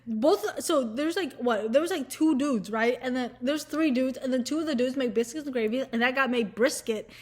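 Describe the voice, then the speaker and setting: A young woman talking casually to camera in an animated, profane rant, sometimes mocking people in put-on voices. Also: high-pitched, moderate pace, few pauses. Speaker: vlogger. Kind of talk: casual ranting chat to camera.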